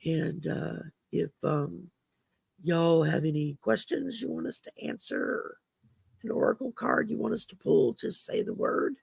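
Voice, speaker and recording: A woman hosting a casual livestream chat, her voice growly from damaged vocal cords, rambling and halting with many fillers. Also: on the low side, vocal fry, darkish tone, slightly rough, dry recording. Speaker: host.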